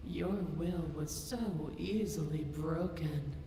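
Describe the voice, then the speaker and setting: A woman voicing a regal, domineering princess in a video game, speaking in a low, slow, dark voice. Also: roomy sound, rough recording. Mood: smug.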